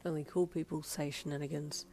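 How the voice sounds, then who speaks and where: A woman reading a fan story aloud, voicing a teenage boy who talks softly and teasingly, with an air of mystery. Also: sits low, little pitch movement, brisk, faint music behind.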